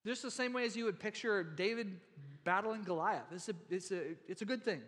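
A man preaching a sermon to his church in a relaxed, conversational way, with many fillers and restarts. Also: sits high, a little fast. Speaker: pastor. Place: church sanctuary. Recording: long hall reverb in a church.

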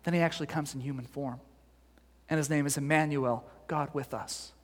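A male pastor preaching a sermon, telling stories in an animated way with many fillers and restarts, and joking gently with the congregation. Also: fairly high pitch, fairly quick, in a large hall.

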